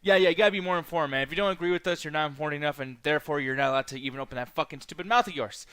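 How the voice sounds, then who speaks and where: A man's voice: a little high, rapid-fire, bright, forceful tone, clear, resonant tone, no echo. A man co-hosting a podcast in casual, profane, rambling chat, laughing often. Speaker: podcast co-host.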